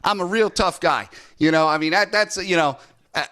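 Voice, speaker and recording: A man's voice: sits high, normal speed, bright, forceful tone, clean tone. A man doing a playful impression of a boastful young male celebrity boxer with a swaggering manner. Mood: cocky.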